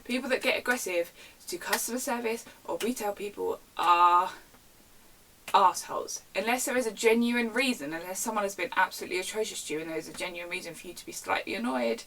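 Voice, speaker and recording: A woman's voice: medium pitch, a little fast. A young woman, telling retail storytimes in a casual and indignant rant on her vlog. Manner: animated, indignant ranting. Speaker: vlogger. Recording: slightly distant mic with faint background hiss.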